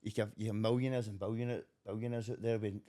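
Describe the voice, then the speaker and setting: Scottish male co-host, quick and blunt, lowish voice. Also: steady tone, warm tone. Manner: rapid, blunt, swearing. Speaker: podcast co-host. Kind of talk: casual chat.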